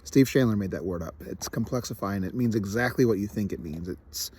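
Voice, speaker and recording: Low-voiced man, candid and halting. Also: darkish tone, slight background noise. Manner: candid, self-deprecating, with frequent restarts and repetitions. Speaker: vlogger. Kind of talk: reflective personal vlog.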